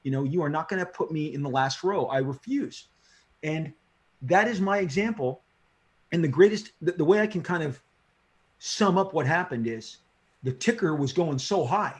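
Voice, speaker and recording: A middle-aged comic book creator, his voice a little high and his pace normal, tells stories in a casual interview. He's excitable and slangy, repeating himself as he gets fired up.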